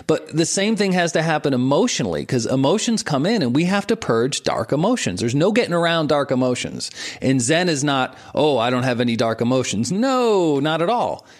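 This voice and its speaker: A man in his forties, a guest on an interview show, teaching with lively examples and frequent laughter. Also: a little high, moderate pace. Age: 40s. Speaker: martial arts and meditation teacher, guest. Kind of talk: explanatory interview talk.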